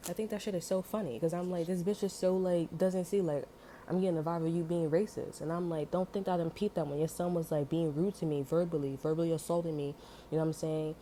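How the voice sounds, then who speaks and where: In a lowish, dark-toned voice with a steady tone, a woman rattles off a heated, casual story at high speed. She curses often and leans on "like" and "you know," with a faint hiss or hum behind her.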